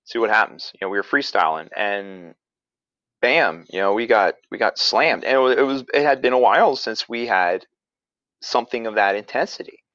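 A man's voice: on the low side, expressive, normal speed, fairly bright tone, dry recording, lo-fi sound. A man and podcast regular telling a story casually, rambling with many fillers and restarts. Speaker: paranormal investigator and podcaster.

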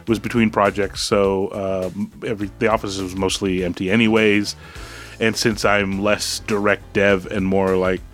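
A man's voice: lowish voice, level tone, normal speed, fairly bright tone, soft background music. A man co-hosting a podcast in casual chat, rambling with restarts and laughs. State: hiccups, drinking beer. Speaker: podcast co-host.

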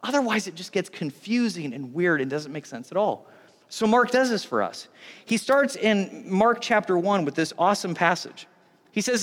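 Preaching at a moderate pace, the man, a pastor in his thirties, has a high, a bit bright voice with a sing-song lilt. His manner is casual and jokey, with frequent self-interruptions, and the room adds a long hall reverb.

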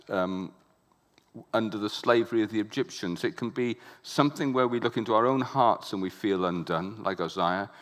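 A man preaching a sermon with passion, repeating words for emphasis and building to loud, emphatic peaks. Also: lowish voice.

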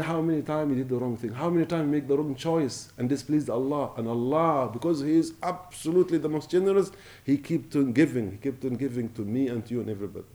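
Man, middle-aged, preacher, passionate rise and fall, mellow tone. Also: mid-range voice. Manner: impassioned, rising and falling, recites Arabic quickly. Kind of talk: Ramadan sermon.

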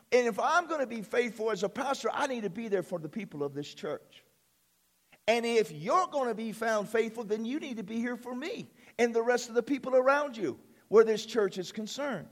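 High-voiced pastor preaching. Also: male voice. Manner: preaching with call-and-response amens and repeated phrases. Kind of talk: sermon. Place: church.

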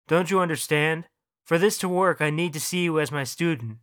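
A storyteller voicing a gloomy, unfaithful husband who speaks low and mournfully. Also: normal speed, a bit bright, dry recording, studio quality, lightly acted. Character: gloomy, cheating middle-aged husband.

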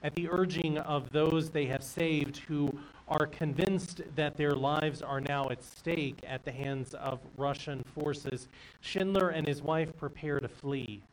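A man's voice: on the high side, far from the mic, rough recording. A man preaching a sermon, telling a story in an earnest way before turning to the gospel reading. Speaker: pastor.

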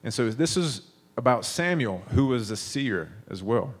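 A man's voice: medium pitch, animated, measured pace, slightly rough. A man in his thirties preaching a sermon, telling stories in a conversational way with frequent restarts.

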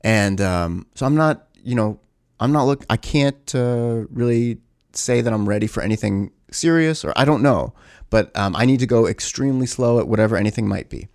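A man's voice: mid-range voice, lively intonation, moderate pace, a little mellow, no echo, studio quality. A man casually telling a story to his camera in a rambling, self-correcting, sometimes profane way. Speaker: vlogger.

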